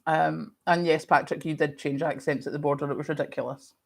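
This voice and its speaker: A middle-aged woman with a Scottish accent chats through a livestream, answering viewers in a lively, storytelling manner. Her voice sits a little low for a woman. She has a lingering cough. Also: fairly quick, gravelly. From Scotland. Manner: chatty, animated storytelling. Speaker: livestream host. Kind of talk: casual chat reading viewer comments.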